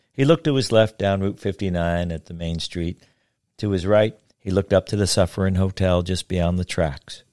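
A man in his seventies reading his own folksy story, then chatting in an unhurried way with some hesitation. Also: deep voice, a little mellow, dry recording, studio quality. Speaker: storyteller, author.

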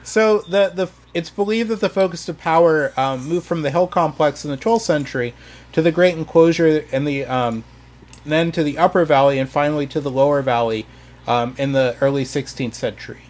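A man with a slightly higher voice walks through history in a casual podcast chat. He hesitates often, fills pauses with ums and restarts his sentences. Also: darkish tone. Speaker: history presenter.

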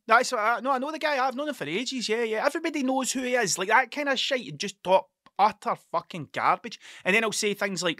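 A man's voice: high voice, expressive, fast talker, hardly any pauses, bright, forceful tone, dry recording, clean studio sound. A man hosting a podcast, rambling through a casual monologue, swearing freely and stumbling over his words. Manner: rambling, sweary, stuttering storyteller. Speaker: podcast host.

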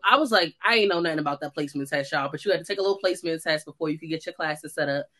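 Racing along in a low voice, this young co-host from the United States spins animated stories during a casual conversation. She performs the quoted dialogue herself, giving each person a voice.

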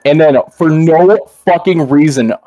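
A man's voice: fairly high pitch, measured pace, dark tone, no echo, clean studio sound. A young man hosting a podcast, telling a long story in a rambling, casual way, swearing often and using lots of "uh" and "like". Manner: rambling and profane, full of fillers. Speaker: podcast host.

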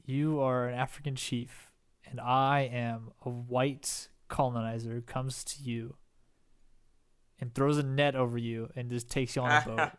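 A young man co-hosting a relaxed podcast chat. He rambles and hesitates, restarting phrases as he makes things up on the spot. His voice sits at an ordinary mid pitch. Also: a little slow, clear, resonant tone. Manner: rambling, hesitant, restarts often while improvising. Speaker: podcast co-host. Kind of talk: casual chat.

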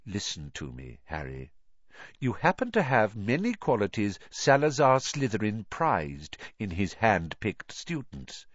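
A man voicing a wise, gentle old male headmaster who speaks softly and calmly, on a dull lo-fi recording. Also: on the low side, dry recording, full character voice. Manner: soft, calm, measured.

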